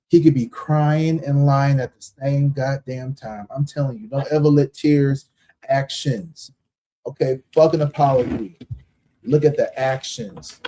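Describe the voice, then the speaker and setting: A man's voice: medium pitch, measured pace, warm tone, rough recording. A man hosting a live tarot-reading stream, chatting bluntly and emphatically with frequent swearing.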